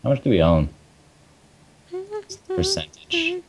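A man's voice: mid-range voice, huge pitch swings, takes it slowly, husky. A young man, hosting a let's play in casual, joking chat, swearing and laughing often. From Canada. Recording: dull lo-fi mic.

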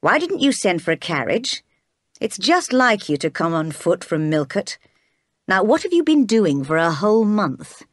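Teasing intense gentleman, eager; woman reader doing him, storybook. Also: medium pitch, very animated, normal speed, no room sound, studio quality.

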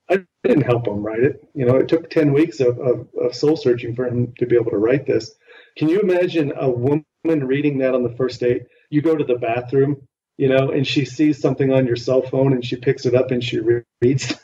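Guy coaching on relationships, kinda mellow voice, sounds far off and muffled w/ faint hiss. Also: mid-range voice, fairly quick. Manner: earnest, emphatic, coaching tone. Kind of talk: podcast interview. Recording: distant, muffled line with faint noise.

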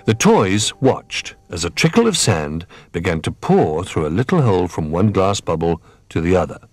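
A man reading a children's storybook aloud in an expressive, gentle manner. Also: sits low, moderate pace, dry recording.

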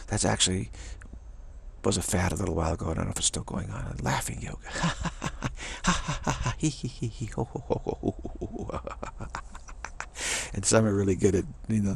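A man with a deep, heavily gravelly voice rambles through an off-the-cuff spiritual talk. His tone is raspy and worn, and he drifts into folksy, chuckling asides as he goes. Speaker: spiritual teacher.

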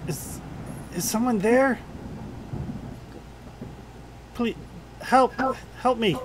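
A man's voice: very high voice, takes it slowly, noisy background, voice pushed up. A man putting on a terrified sobbing little boy. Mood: terrified pleading. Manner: pleading, voice breaking with sobs. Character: frightened young human boy, about ten, sobbing.

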